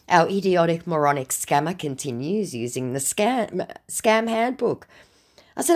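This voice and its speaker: Sarcastic woman with a lively voice. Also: low voice, unhurried. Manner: sarcastic, mocking. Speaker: scam-baiting video host. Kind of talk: comic retelling of a chat.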